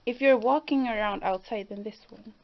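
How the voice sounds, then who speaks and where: A woman's voice: fairly high pitch, normal speed. A woman in her twenties gives a casual tour of her home on video, laughing easily and searching for words. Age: 20s. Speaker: daughter co-hosting vlog. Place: home room. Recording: dull lo-fi home video sound.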